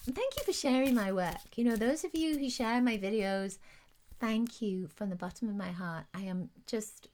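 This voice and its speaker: Gushing, soothing woman host, high voice. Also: expressive, normal speed, darkish tone, a little hiss or hum. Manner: gushing, soothing, reads viewer comments aloud; emotional, close to tears at times. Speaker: intuitive card reader hosting a live stream. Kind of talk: live angel card reading.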